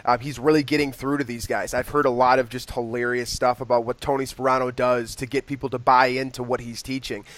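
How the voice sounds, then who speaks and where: A man's voice: medium pitch, little pitch movement, fairly quick, hardly any pauses, fairly bright tone, dry recording. A young man co-hosting a casual sports podcast, opinionated and frank, with frequent ums and hedges. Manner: opinionated, hedging with fillers. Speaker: podcast co-host.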